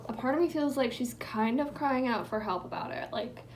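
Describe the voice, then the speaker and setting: A woman's voice: high-pitched, moderate pace, background noise. A young woman chatting in a rambling, filler-heavy way while doing her makeup at home, sometimes dropping into a whisper. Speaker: vlogger. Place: indoors at home.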